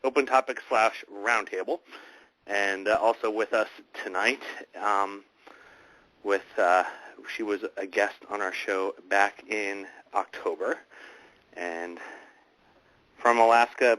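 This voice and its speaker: A man hosting a casual online radio chat, talking in a halting, rambling way with many restarts. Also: lowish voice, steady tone, a bit bright, no room sound, rough recording. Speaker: host.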